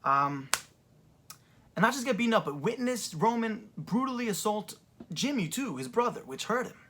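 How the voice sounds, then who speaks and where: A man's voice: high voice, sing-song, moderate pace, fairly bright tone. Young man rambling through a casual recap. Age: young adult. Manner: rambling, filler-heavy retelling. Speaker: wrestling fan reviewer. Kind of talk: casual commentary vlog. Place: seated in a creaky chair.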